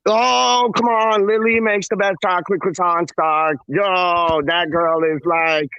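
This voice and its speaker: A man's voice: high voice, steady tone, a little slow, sharp tone, clear, resonant tone, dry recording, muffled recording. A man from Canada chatting as a guest on a live stream, playful and full of slang. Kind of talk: casual live stream chat.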